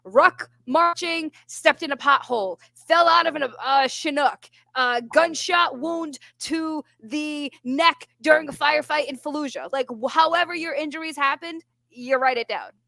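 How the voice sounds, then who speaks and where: A woman chatting on a radio show as a veterans benefits advocate, telling an animated story and swearing freely. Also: high voice, measured pace, hardly any pauses, dry recording. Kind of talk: casual radio chat.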